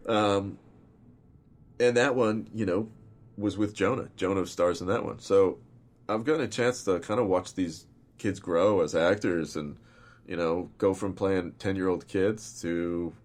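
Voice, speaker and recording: A man with a very deep, low voice chats loosely about his films as their director. He rambles through the talk with plenty of fillers and swears freely and casually. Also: unhurried. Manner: rambling and profane, full of fillers. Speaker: film director. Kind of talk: casual podcast interview.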